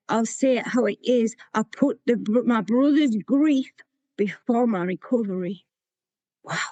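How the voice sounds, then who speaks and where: A woman's voice: fairly high pitch, dark tone, dry recording. Candid woman sharing her story. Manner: candid, plain-spoken, with frequent restarts. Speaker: recovery meeting speaker. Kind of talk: sharing a personal recovery story.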